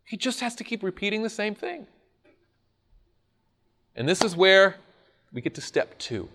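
A man preaching a sermon in an animated, conversational way, often laughing at his own points. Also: high-pitched, unhurried, noisy background.

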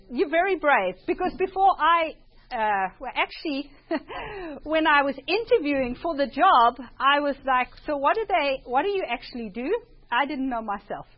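A woman with a South African accent speaks at a church presentation, her high voice coming through a muffled recording. She's chatty and self-deprecating, giving an informal talk to her audience, and she prays before she begins.

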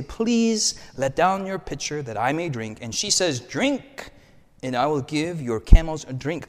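A man preaching a sermon in an animated, joking way, often quizzing the congregation. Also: on the high side, big-room sound. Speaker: pastor. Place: church hall.

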